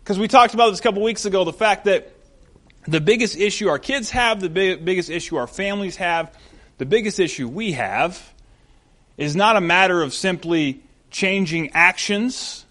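A man preaching a sermon as pastor, in a conversational, animated storytelling manner. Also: sits high, normal speed.

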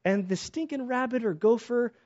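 A man preaching a sermon, telling stories with animated retellings and laughter. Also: very high-pitched, moderate pace, lo-fi sound. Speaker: pastor.

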